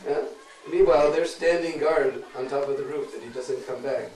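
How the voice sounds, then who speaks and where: A man guiding a pilgrimage, telling devotional stories in an animated, laughing way with teasing asides. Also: medium pitch, moderate pace. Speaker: pilgrimage guide and storyteller. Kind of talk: devotional storytelling sermon. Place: outdoor pilgrimage group. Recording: distant echoey recording with crowd.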